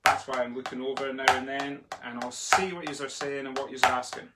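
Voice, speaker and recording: A man's voice: mid-range voice, level tone, brisk. Man, drum tutor, chatty, live home stream, stick clicks and noise behind. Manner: chatty, chants the sticking aloud while playing. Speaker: drumming tutor. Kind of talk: live online drumming lesson. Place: home room. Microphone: laptop in front of him. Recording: noisy, with drumstick clicks behind.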